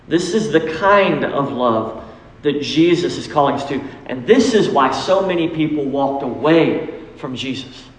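A male pastor preaching a sermon, emphatic and rising into acted pleas. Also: on the high side. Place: church sanctuary. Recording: echoey hall with long reverb.

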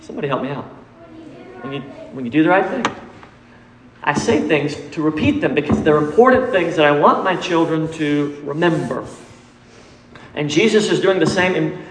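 A man's voice: on the high side, lively intonation, normal speed, pauses often, roomy sound, big-room sound, slight background noise, rough recording. A man preaching a sermon in church, emphatic and repetitive, quizzing his congregation as he goes. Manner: emphatic, repeats key points and quizzes the congregation. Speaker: pastor. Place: church sanctuary.

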